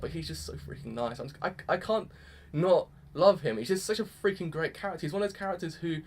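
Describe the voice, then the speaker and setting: Gushing over an anime episode in a casual reaction review, a young man gets excitable and lets slip some mild swearing. His voice sits a little high and slightly rough, and he talks fairly quickly.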